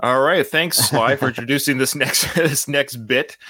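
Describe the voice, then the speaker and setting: A man's voice: medium pitch, normal speed, pushed and bright, breathy edge, dry recording. A man hosting a movie podcast, chatting casually and teasing, laughing often. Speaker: podcast host.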